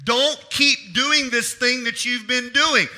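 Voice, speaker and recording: A pastor delivering an impassioned sermon in a strikingly high voice. He swings from forceful, near-shouted appeals to his congregation to hushed, earnest asides. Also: slow. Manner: impassioned preaching, rising to shouts then dropping low.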